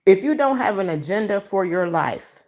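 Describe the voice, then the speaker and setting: A woman from Michigan hosting a casual livestream from home, talking to viewers on a phone she holds as she walks around, emotional and expressive with a preachy streak. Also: mid-range voice, normal speed. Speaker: livestream host. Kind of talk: casual livestream commentary to a chat. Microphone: phone held in hand.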